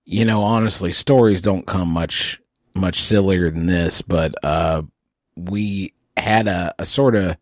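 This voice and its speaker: A man's voice: deep voice, no room sound, clean studio sound. A man playing a stammering, sheepish park ranger. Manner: halting, stammering, lots of fillers. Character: rambling nervous male park ranger.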